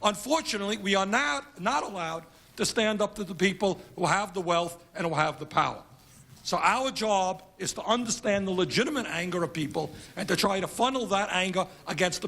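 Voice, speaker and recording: Man, congressman, conference speech: gravelly, emphatic and rhetorical, leans on repeated phrases. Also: high voice, sharp tone.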